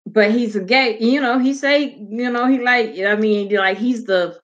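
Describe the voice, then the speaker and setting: A woman hosting her own channel, chatting casually and reading viewer comments out loud, loose and slangy with frequent swearing. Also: fairly high pitch, a little slow, highs cut off.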